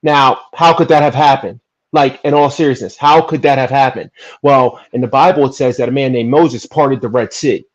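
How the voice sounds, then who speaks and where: A man from New Jersey talking earnestly and emphatically in a casual podcast chat, making his case with animated bursts. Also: medium pitch, moderate pace. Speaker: podcast guest. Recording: dull lo-fi audio.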